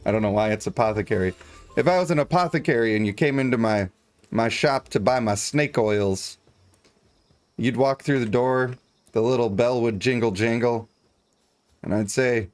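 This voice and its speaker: A man's voice: medium pitch, normal speed, no room sound. A man streaming a video game, chatting in a jokey, rambling, playful way. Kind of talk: casual live game commentary.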